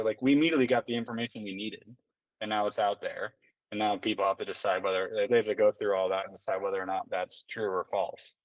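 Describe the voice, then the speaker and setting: A man's voice: lowish voice, dry recording. A man talking as a podcast guest in casual chat, rambling and filling his talk with "like" and restarts. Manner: rambling, filler-heavy, many restarts and "like"s. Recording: dry sound, somewhat distant mic.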